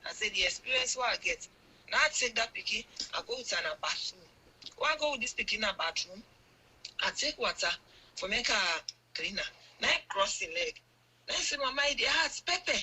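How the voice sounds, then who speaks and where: A woman's voice: fairly high pitch, pushed and bright, husky, low-quality recording. An older woman with a Sierra Leonean Krio accent, a guest earnestly recounting events in a long narration full of quoted exchanges. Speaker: guest, mother telling her account. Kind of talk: radio interview testimony.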